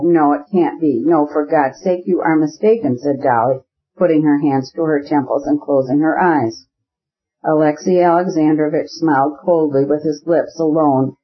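A man narrates a classic novel in a steady, measured voice that sits a little high for a man. The sound is dull and lo-fi. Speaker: audiobook narrator. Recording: dull lo-fi recording.

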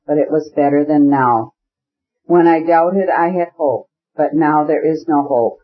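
A man reading the part of a cold, formal husband, aloof and measured in every phrase. The voice sits a little high for a man. It comes through a dull, lo-fi recording. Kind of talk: audiobook character reading.

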